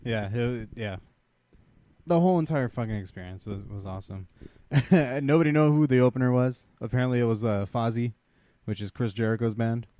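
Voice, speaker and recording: A man co-hosting a podcast, telling stories in a relaxed, profane way. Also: mid-range voice, fairly quick, no echo. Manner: profane, laid-back storytelling. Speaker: podcast co-host. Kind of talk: casual chat.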